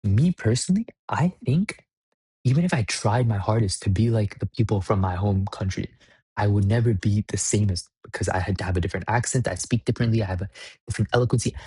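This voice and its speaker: A man's voice: lowish voice, fast talker, darkish tone, breathy edge, dry recording, clean studio sound. A young man vlogging in a blunt, profane, rambling rant. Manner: blunt, swearing, rambling with restarts. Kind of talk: profane ranting monologue.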